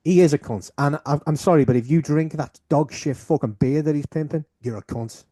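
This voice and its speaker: A man co-hosting a podcast in casual chat, animated and sweary, often restarting his words. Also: fairly high pitch, brisk. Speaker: podcast co-host.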